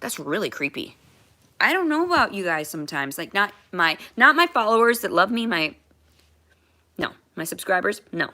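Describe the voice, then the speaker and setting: A woman's voice: medium pitch, sing-song, normal speed, bright, forceful tone. A woman chatting on a livestream in a rambling, emotional way, with casual swearing.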